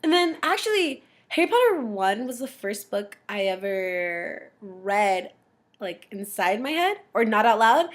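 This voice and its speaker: A woman's voice: mid-range voice, very animated, a little slow. A young woman recording a casual, rambling graduation message to her sibling, giggling and using lots of filler words.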